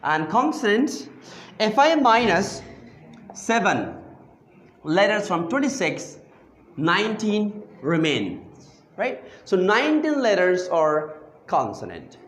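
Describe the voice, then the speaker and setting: A man's voice: high voice, big pitch swings, takes it slowly, fairly bright tone. A man teaching a grammar lesson to a class, often repeating himself and quizzing students. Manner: questioning, repeats phrases and asks the class to answer back. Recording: echoey room.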